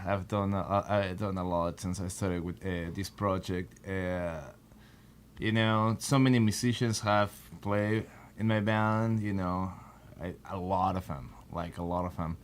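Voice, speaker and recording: Low-voiced man. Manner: halting, many fillers and restarts. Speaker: guest guitarist. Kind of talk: casual interview chat.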